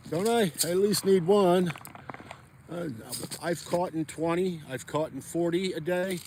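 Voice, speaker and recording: Casual man vlogging from a frozen pond, chatty and rambling, a touch high-pitched, faint wind and hum behind. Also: measured pace, darkish tone. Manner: chatty, rambling, talks to viewers while jigging. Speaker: ice fishing vlogger. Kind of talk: casual outdoor vlog chat.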